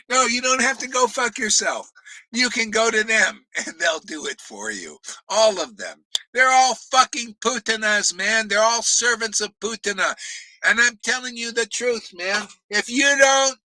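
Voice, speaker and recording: A very high-pitched man preaches a fiery, profane sermon at a measured pace during a spiritual class in the desert, scolding listeners and frequently laughing and shouting. The audio is poor, though there's no room sound.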